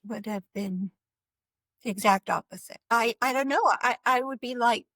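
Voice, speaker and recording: A woman's voice: on the high side, a bit bright, no echo, poor audio. Earnest woman telling her faith testimony. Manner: earnest, halting storytelling with frequent restarts and light laughs. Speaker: guest sharing her life story.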